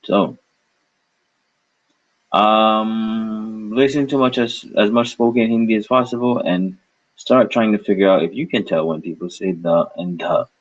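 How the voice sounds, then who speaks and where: Male language teacher, slow and patient drill voice, dull lo-fi sound. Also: on the low side, fairly even intonation. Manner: patient, drawn-out repetition of syllables. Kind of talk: slow pronunciation lesson with drills.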